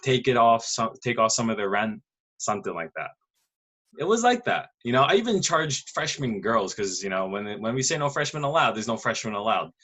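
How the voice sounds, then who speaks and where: A man co-hosting a casual podcast, telling stories in an animated way. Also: medium pitch, a little fast. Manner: animated, swings voice acting out people. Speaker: podcast co-host. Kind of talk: casual storytelling chat.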